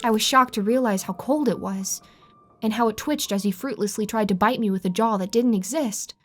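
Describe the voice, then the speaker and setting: A woman in scripted horror narration, telling the story in a dry, even way. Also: on the high side, brisk. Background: faint music.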